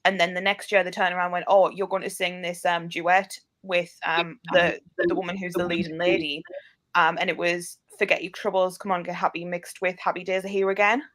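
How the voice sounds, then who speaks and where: A woman's voice: lowish voice, flat delivery, brisk, fairly bright tone. A woman chatting casually, hesitant and full of ums. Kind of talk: casual chat.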